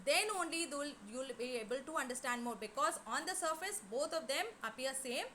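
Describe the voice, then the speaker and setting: A woman teaches grammar, explaining patiently and filling pauses with "you know". Her voice sits high and sounds bright and clear. A faint hiss stays under the recording. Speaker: English teacher. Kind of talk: online class lesson. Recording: faint background noise.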